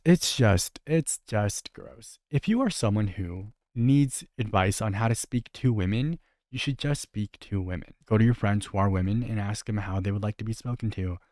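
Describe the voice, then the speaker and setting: A young man with a fairly low voice talks through a clip in a relaxed, conversational way, sounding openly critical and incredulous. The sound is close and dry, with no room around him. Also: dry recording. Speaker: commentary host reacting to a video. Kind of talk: casual reaction commentary.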